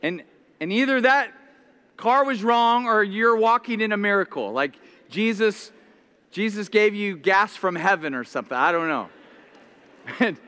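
Male pastor, high bright voice, animated storytelling sermon, stumbles over his openings. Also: clear, resonant tone. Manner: repeats words when starting sentences.

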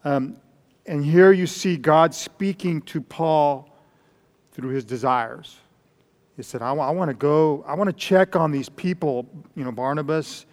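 Jokey pastor opening a sermon. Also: male voice, fairly high pitch, unhurried. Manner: jokey, casual, energetic. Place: church.

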